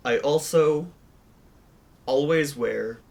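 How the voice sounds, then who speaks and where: A player voicing a grave, soft-spoken dog ranger. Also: medium pitch, drawn-out words, gravelly. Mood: solemn. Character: young male dog ranger, earnest, dignified. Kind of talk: tabletop role-play character voice.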